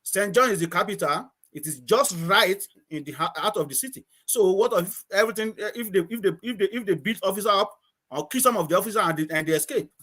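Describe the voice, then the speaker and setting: A man from Nigeria, a guest telling stories in casual conversation, halting and repeating words, often laughing. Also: sits high, sharp tone.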